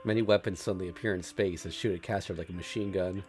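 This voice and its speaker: A man's voice: sits low, fairly even intonation, quick pace, over music. A man streaming a read-aloud of a visual novel, narrating steadily with small stumbles and laughs.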